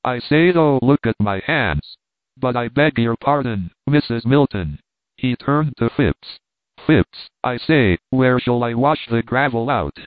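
A man reading the part of a brash gentleman who shrugs off a fall, in offhand clipped phrases. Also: mid-range voice, lively intonation, measured pace, no echo, natural voice. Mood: chatty. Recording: tinny phone-like dry sound.

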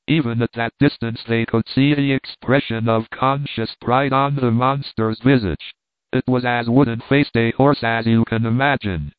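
A man reading a novel aloud in an even, measured narration. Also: mid-range voice, smooth, no room sound. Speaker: audiobook narrator. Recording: tinny phone-like dry sound.

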